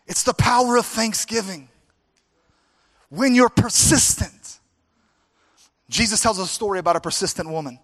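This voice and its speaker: A man's voice: high voice, expressive, moderate pace, long pauses, a bit bright. A man preaching a sermon as pastor at a church service, driving his points home with emphatic, repeated exhortations.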